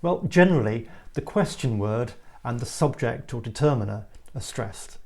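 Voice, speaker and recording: A man teaching a spoken English lesson, explaining word stress clearly and acting out example sentences. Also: medium pitch, lively intonation, normal speed, warm tone.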